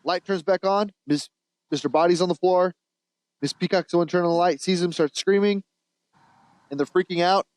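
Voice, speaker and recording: A man in casual podcast chat, walking through a film's plot in a rambling, amused way and laughing at his own retelling. His voice sits a little higher than most men's. The sound is close and dry, with almost no room echo. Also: fairly quick, long pauses, smooth. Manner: rambling and laughing, with frequent restarts and swearing. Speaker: podcast co-host.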